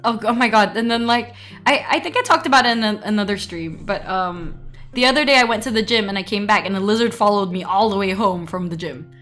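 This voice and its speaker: A woman streamer chatting casually and telling animated stories, laughing often. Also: mid-range voice, fairly quick, soft background music. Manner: giggly, animated storytelling with frequent laughs. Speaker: VTuber streamer. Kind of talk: casual livestream chat.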